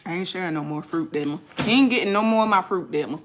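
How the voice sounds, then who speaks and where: Woman vlogger, teasing live-chat talk, lowish voice, faint noise behind. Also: quick pace. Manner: playful, teasing, laughs often. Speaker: vlogger chatting with live viewers. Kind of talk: casual live-stream chat.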